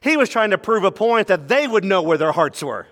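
High-voiced man preaching in a hall. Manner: animated preaching, quick mock voices and playful asides. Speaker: pastor. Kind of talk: sermon.

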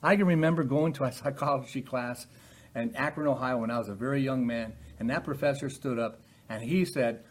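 Speaking fairly quickly in a husky, mid-range voice, an older man gives sermon-style Bible teaching. He's earnest, moving from calm explanations to loud, urgent emphasis.

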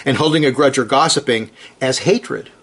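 A man preaching a sermon, earnest and emphatic, driving his points home with short repeated commands and reading scripture slowly with rising stress. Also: medium pitch, a bit bright, slightly rough.

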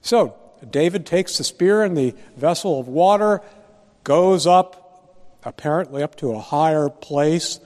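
Male bible teacher, deliberate, rhetorical questions, slow, somewhat high voice, hall echo. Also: a little mellow. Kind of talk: Bible study lecture.

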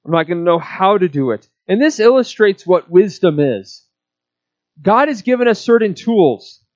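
A man preaching a sermon in a measured, deliberate teaching manner. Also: high-pitched, big pitch swings, a little mellow, highs cut off. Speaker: pastor.

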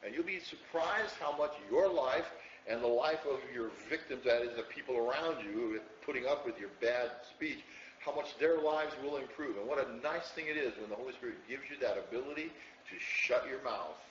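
A pastor with a medium-pitched voice delivers a conversational sermon at a moderate pace to a small congregation in a church hall, frequently asking "okay?" The recording is echoey and lo-fi, captured by a distant mic with slight background noise.

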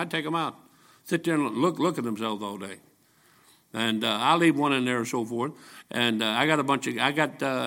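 An older man preaching a folksy, joking sermon full of stories, rising into shouted peaks. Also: mid-range voice.

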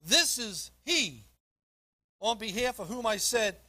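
A man preaching a sermon, reading scripture and explaining it with emphasis, clearing his throat now and then. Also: high voice, very animated, takes it slowly, bright, forceful tone. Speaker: pastor.

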